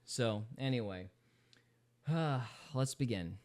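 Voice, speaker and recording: A man hosting a podcast, giving casual, sarcastic reaction commentary with big swings of emphasis. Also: very slow. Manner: animated, sarcastic, swings pitch widely for emphasis. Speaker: podcast host.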